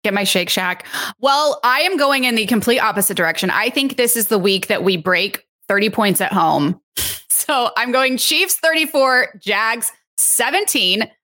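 A woman's voice: fairly high pitch, lively intonation, moderate pace, sharp tone. A woman hosting a sports podcast, leading the chat in an upbeat, optimistic way.

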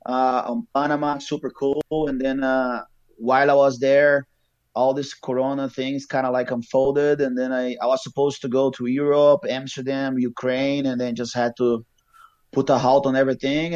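A man, a jiu-jitsu athlete chatting as a podcast guest over a video call, relaxed and rambling with many fillers. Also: mid-range voice, muffled recording. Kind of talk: casual remote interview chat.

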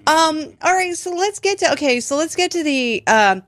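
A young woman hosting a radio talk show, chatting and joking with quick asides and frequent laughs. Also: high voice, expressive, dry recording. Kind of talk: casual comedic chat.

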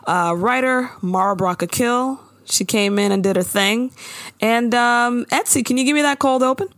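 A woman's voice: on the high side, normal speed, no echo. A woman co-hosting a casual chat show, steering the talk and recapping an episode in a chatty, laughing way. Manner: chatty, laughing, leads the segments. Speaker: podcast co-host.

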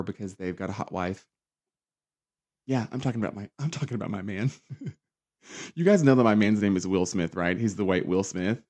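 A young man hosting a casual solo pop culture podcast, sassy and campy, dramatic, often jumping up into high mocking voices. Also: normal speed, a little mellow, muffled recording. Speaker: podcast host.

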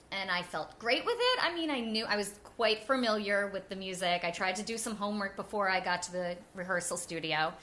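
Bright, chatty New woman. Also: mid-range voice. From New Jersey. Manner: animated and chatty, with frequent "like" and laughter. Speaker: guest. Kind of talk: casual interview storytelling.

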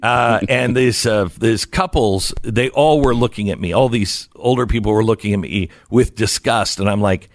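A man's voice: on the low side, moderate pace, hardly any pauses, dry recording, studio quality. A middle-aged man hosting a talk radio show, telling stories in a wry, self-mocking way and laughing at his own jokes. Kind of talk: casual talk radio chat.

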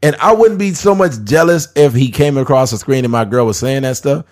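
A man's voice: medium pitch, brisk, darkish tone. A man hosting a podcast in casual chat, loose and profane, often joking and breaking into laughter. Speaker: podcast host.

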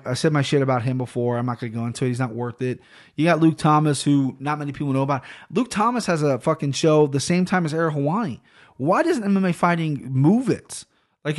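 Solo podcast host, man, slightly higher voice, profane and rambling, close on a studio mic at home.

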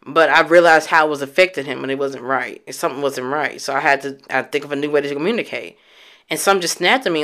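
A woman talks straight to her audience about her own life, candid and emotional. Her voice is bright and forceful, and she swears offhandedly. She often stops and restarts mid-thought. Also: deep voice. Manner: reflective, halting restarts. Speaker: vlogger. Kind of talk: personal storytelling.

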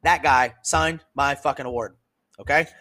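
A man co-hosting a casual podcast, telling a profane, animated story and acting out what other people said. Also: medium pitch, normal speed. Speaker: podcast co-host, service member.

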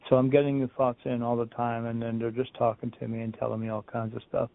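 A man's voice: medium pitch, flat delivery, fast, creaky. A man, a medium, talking as a guest in a casual interview, rambling through stories and acting out what people said. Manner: rambling storyteller, repeats and restarts, acts out quotes. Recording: phone-like remote call audio.

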